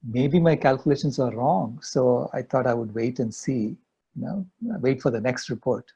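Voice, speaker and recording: A man's voice: medium pitch, moderate pace, mellow, husky. An older man, a guest in an interview, earnestly telling a personal story. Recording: dull lo-fi audio.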